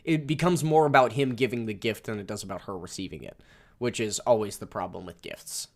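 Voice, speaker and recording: A man co-hosting a podcast in casual chat, laughing often and thinking aloud with many pauses. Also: on the low side. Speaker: podcast co-host.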